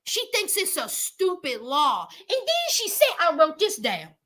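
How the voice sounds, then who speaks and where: A woman's voice: very high-pitched, huge pitch swings, a little slow, a bit bright. A woman giving a sassy, emphatic casual recap of a reality TV show.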